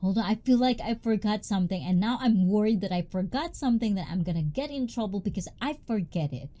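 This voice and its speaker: A woman chats through a casual livestream, greeting viewers one after another. Her high voice swings widely in pitch, and its tone stays warm and mellow rather than sharp. She is loud, bubbly and talkative throughout. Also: animated, fast. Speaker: livestream host.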